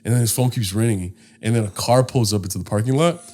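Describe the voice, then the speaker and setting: A man's voice: fairly low pitch, quick pace. A young man, a podcast co-host, telling a casual story with lots of swearing and acted-out quotes, recorded at home. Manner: animated, swearing, acts out voices in his story.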